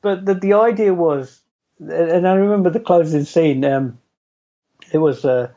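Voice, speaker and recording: A middle-aged man tells his story in an easy, chatty way, poking fun at himself and laughing along. His voice sits on the higher side for a man but sounds mellow and dark in tone. The recording is dull and lo-fi. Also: unhurried. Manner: chatty, self-deprecating, laughs often. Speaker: interview guest. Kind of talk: casual storytelling. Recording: dull lo-fi audio.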